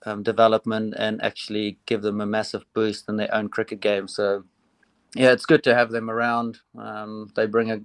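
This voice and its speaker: South African man, flat steady voice. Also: fairly low pitch, normal speed, smooth, no room sound. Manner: casual, many fillers. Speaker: assistant cricket coach, guest. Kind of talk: phone interview chat. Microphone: phone line.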